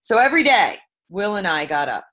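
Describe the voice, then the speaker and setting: A woman from Brooklyn, New York, telling a personal story as an interview guest, shifting from loud emphasis to hushed asides. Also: medium pitch, big pitch swings, brisk. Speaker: guest, author.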